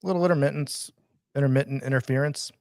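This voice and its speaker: He hosts a podcast in easygoing chat, steering it with wry asides. His pitch sits mid-range and the sound is dry. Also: fast talker, vocal fry, darkish tone, no room sound. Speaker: podcast host.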